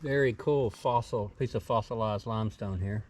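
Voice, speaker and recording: Narrating a forest hike, a middle-aged Southern US man points out trail finds, relaxed and enthusiastic about small discoveries. His fairly low voice is a little mellow and moves at a normal speed, and the audio quality is poor.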